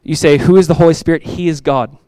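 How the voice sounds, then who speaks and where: A male pastor in his thirties preaching a conversational, animated sermon with quick asides. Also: fairly high pitch, clean tone, no echo.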